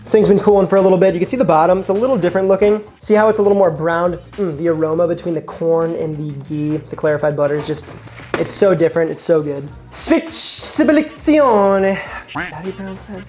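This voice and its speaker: A man's voice: on the high side, steady tone, quick pace, music in the background. A man hosting a casual cooking vlog in a kitchen, talking in an enthusiastic, slangy, chatty way. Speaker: cooking show host.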